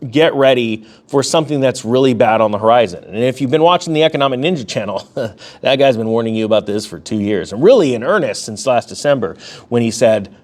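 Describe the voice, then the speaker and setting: A man hosting a casual economic news commentary, full of sarcastic joking asides and quick swings in pitch and pace. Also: expressive, a little mellow. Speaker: host of an economics news channel.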